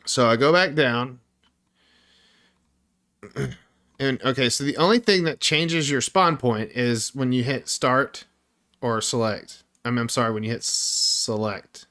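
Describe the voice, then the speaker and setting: A man's voice: mid-range voice, measured pace, pauses often, fairly bright tone. A man developing a game on a live stream, thinking aloud through his code, frustrated and swearing constantly while he talks to viewers.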